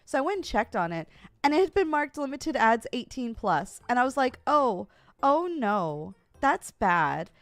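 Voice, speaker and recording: A woman's voice: high-pitched, a little fast, no room sound. A young woman streamer chatting casually and animatedly with her viewers, laughing often. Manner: giggly, animated, talks straight to chat. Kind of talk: casual livestream chat with viewers.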